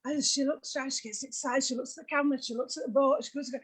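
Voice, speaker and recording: A woman's voice: high voice, quick pace, hardly any pauses, slightly rough. A woman with a British accent doing chatty, teasing stand-up comedy on a video call. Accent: British English. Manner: chatty, teasing, lively storytelling. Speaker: comedy host.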